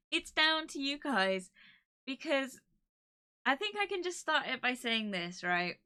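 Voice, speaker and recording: A woman streamer from the UK chatting casually to her live audience, emotional and laughing, with many pauses and fillers. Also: high voice, very animated, pushed and bright. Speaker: streamer hosting an anniversary stream.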